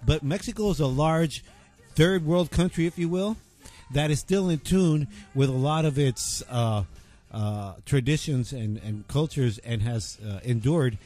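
A man's voice: mid-range voice, dark tone. Rambling passionate male co-host. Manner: rambling, halting, many fillers, passionate. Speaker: radio co-host. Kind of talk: casual political talk radio.

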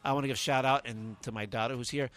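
A man's voice: medium pitch, fairly even intonation, quick pace, fairly bright tone. A middle-aged man hosting a radio show, telling rambling stories full of "uh" fillers. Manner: chatty, rambling anecdotes with many "uh" fillers. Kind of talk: casual radio talk.

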